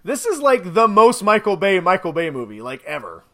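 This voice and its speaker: A man co-hosting a podcast, excitedly rambling through a movie review in casual chat and laughing often. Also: sits high, normal speed.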